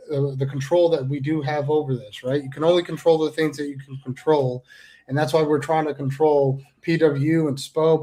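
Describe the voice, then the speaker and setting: A man with a somewhat high-pitched voice vents in a fired-up wrestling promo, swearing freely and hammering his points home through repetition. He talks like a guest airing a grievance on a show, angry and blunt. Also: a little mellow. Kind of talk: heated promo-style rant.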